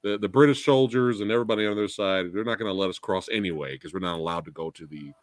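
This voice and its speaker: A man hosting a casual film review chat, excitable and swearing freely. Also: lowish voice, fast talker, dry recording, clean studio sound. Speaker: podcast host and film reviewer.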